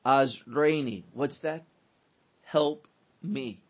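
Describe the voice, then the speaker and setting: A man teaching through a psalm verse by verse, deliberate and emphatic, building his points in lists. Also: a little high. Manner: slow, deliberate, emphatic with listed phrases. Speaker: Bible teacher. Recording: dull lo-fi recording.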